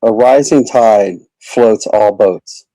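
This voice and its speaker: A man's voice: on the low side, slow, dark tone, no room sound, rough recording. A man who is a comedian, rambling casually as a guest in an interview. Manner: rambling, chatty, lots of fillers.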